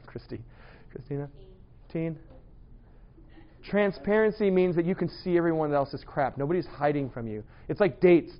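Male preacher with a high voice, playful and animated, muffled dull sound. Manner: animated storytelling, playful, laughing asides. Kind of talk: humorous sermon.

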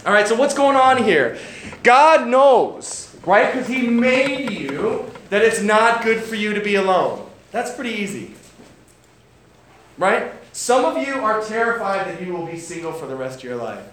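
A man's voice: high-pitched, big pitch swings, unhurried, a bit bright. A young adult man preaching a sermon in a casual, conversational way, with joking asides and frequent checks of "right?". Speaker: pastor. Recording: roomy hall sound, faint background noise.

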